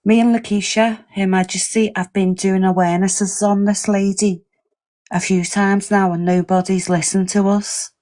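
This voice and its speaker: A woman's voice: mid-range voice, level tone, moderate pace, warm tone. A woman co-hosting a live stream, earnest and agreeing, chiming in on the talk.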